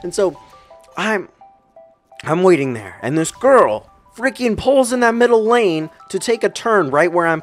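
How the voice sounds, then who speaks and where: A teenage man from America telling funny driving stories over gameplay, swearing freely and jumping into squeaky voices for the people he quotes. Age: teens. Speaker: gaming channel host. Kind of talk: storytelling commentary over gameplay.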